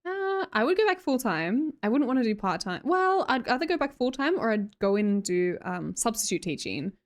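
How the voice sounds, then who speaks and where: A woman's voice: a little high, big pitch swings, moderate pace. An Australian woman live streamer chatting casually with viewers, scattered and self-mocking, laughing often. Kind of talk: casual chat reading viewer messages.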